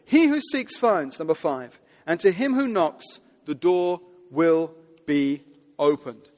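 A man preaching a sermon to a seated audience, earnest and building to loud, emphatic quotations. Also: a little high, lively intonation, slow. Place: large hall with audience seating. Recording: long hall reverb.

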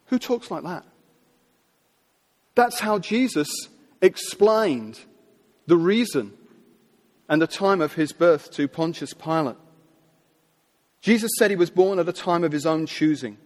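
High-voiced man preaching in a reverberant hall. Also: animated. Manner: storytelling, emphatic with slow dramatic pauses. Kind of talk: sermon.

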